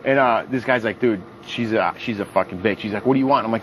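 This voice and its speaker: A young man chatting casually with a group and recounting wild nights out. His tone is crude and lively, and he jumps up in pitch whenever he acts out what someone said. A faint hiss of room noise sits under his voice. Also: very fast, few pauses, poor audio. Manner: animated, profane, acts out quotes in a raised voice. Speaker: reality show contestant. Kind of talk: casual storytelling.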